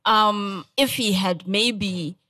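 A Zimbabwean woman co-hosting a casual podcast, explaining things calmly. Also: mid-range voice, extremely slow, dry recording. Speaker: podcast co-host. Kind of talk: casual chat.

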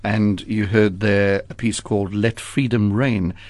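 A man's voice: lowish voice, fairly even intonation, a little slow, darkish tone. A man hosting a music radio program, interviewing a guest with polite, curious follow-up questions. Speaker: radio show host. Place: radio studio. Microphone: studio microphone.

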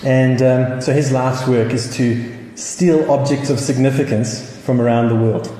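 A man's voice: medium pitch, fairly even intonation, a little slow, warm tone. A South African man preaching a sermon, telling a story with chuckles and many restarts. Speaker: pastor. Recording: echoey hall with faint noise.

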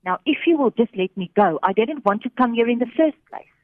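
A cranky old homeless man snaps and growls at anyone who comes near, voiced by a storyteller, his voice pushed up high and restless. He sounds sarcastic and defensive. The sound comes through a thin, phone-like radio broadcast. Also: expressive, brisk, dry recording. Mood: angry.

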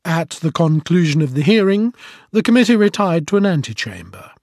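A man's voice: a little high, big pitch swings, brisk, gravelly, darkish tone, dry recording, studio quality. A man reading a passage from a novel in a formal, reportorial style. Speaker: audiobook narrator. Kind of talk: scripted narration, report-like.

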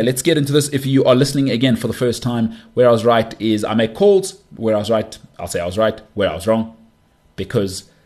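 A young man hosting a football podcast, talking in a brash, animated monologue full of rambling asides. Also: on the low side. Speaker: podcast host.

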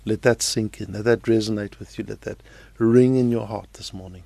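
Male pastor, earnest sermon and prayer with repeated phrases, gravelly voice. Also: lowish voice, steady tone, moderate pace, warm tone, dry recording.

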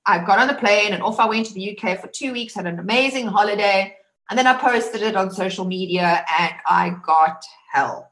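A woman's voice: mid-range voice, moderate pace, fairly bright tone. A woman from Africa, telling her own story as a survivor, emphatic and full of restarts. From South Africa. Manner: emphatic, repeats words, many restarts. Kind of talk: personal testimony. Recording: roomy echo.

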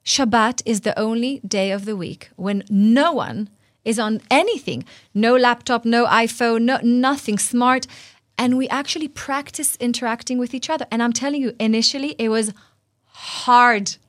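A middle-aged woman with an Israeli accent, a guest in an interview, talking animatedly with frequent laughs and quick restarts. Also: fairly high pitch, no room sound, studio quality. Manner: animated, laughs often, restarts and repeats words. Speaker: author and guest. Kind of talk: conversational interview.

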